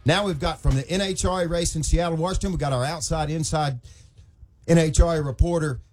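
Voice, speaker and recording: A man hosting a motorsports radio show, reading sponsor spots and chatting in a folksy, drawn-out way. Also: on the high side, a little mellow. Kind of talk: casual radio talk and live ad reads.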